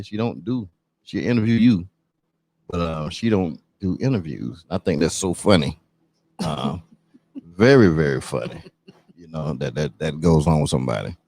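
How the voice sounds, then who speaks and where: A man hosting a podcast, introducing his guest in a loose, energetic way with lots of fillers. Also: low voice. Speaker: podcast host. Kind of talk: casual hype introduction.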